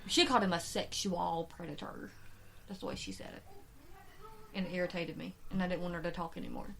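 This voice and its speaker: Woman, true-crime podcast co-host, animated and profane, casual storytelling. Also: fairly low pitch, slight background noise. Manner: animated, swears freely, quick rambling retelling.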